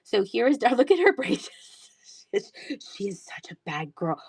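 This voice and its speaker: A woman's voice: fairly low pitch, measured pace, vocal fry, no echo. A woman in her thirties chatting casually while selling items on a live stream, laughing often and talking to viewers. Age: 30s. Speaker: live auction seller.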